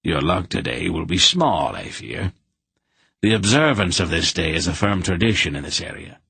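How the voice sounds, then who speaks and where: A man's voice: deep voice, animated, normal speed, creaky, breathy edge, dry recording, heavily acted. A man voicing a stubborn, pious farmer who speaks firmly and courteously. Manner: firm, quiet, courteous.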